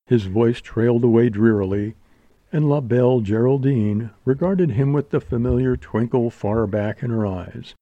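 Dark mellow male audiobook narrator. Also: mid-range voice, moderate pace, dry recording, lo-fi sound. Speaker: audiobook reader. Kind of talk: scripted narration.

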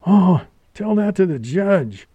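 Man playing young woman, furious and shrill, pitched well up, storybook reading. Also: very animated, takes it slowly, dark tone, slightly rough, dry recording, exaggerated voice. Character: angry wounded young woman, fierce and bitter.

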